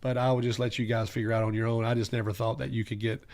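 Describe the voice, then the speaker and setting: A man talks casually as a radio guest, halting often and searching for words. His voice is gravelly, with a middle pitch. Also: level tone, darkish tone. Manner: halting, rambling, lots of fillers.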